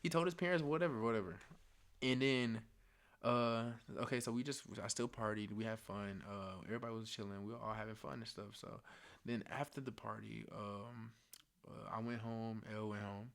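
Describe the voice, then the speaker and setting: A young man tells a story to his viewers in loose, slangy talk. He is animated, sinking into hushed asides and then rising to loud bursts. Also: fairly low pitch, moderate pace, creaky. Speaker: storytime vlogger. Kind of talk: casual storytelling.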